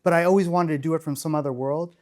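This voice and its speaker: A man's voice: on the high side, fairly even intonation, fast, a little mellow. A middle-aged man giving a storytelling keynote talk, enthusiastic and rambling, often restarting his sentences. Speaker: conference speaker.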